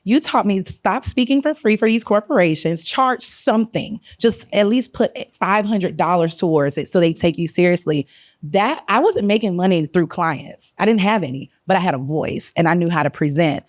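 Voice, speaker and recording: Southern woman in the audience, candid and effusive, lowish voice, dry close sound. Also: moderate pace, no echo. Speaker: audience member. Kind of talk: audience comment at a panel.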